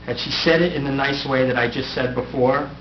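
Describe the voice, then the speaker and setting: A man's voice: mid-range voice, steady tone, fairly quick. Middle-aged man, outgoing mayor, prepared farewell speech, self-deprecating jokes, echoey council chamber, muffled noisy recording. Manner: wry, self-deprecating humor.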